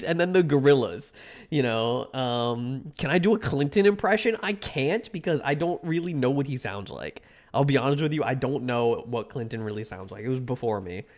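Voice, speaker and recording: A young man streaming live, chatting casually with his viewers, rambling, joking and swearing freely. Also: a little high. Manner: rambling, excitable, swears a lot, jokes to chat.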